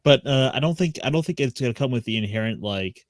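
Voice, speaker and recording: A man hosting a casual anime talk show, relaxed and jokey as he steers the conversation. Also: mid-range voice, fast, no room sound, studio quality. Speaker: podcast host. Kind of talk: casual chat.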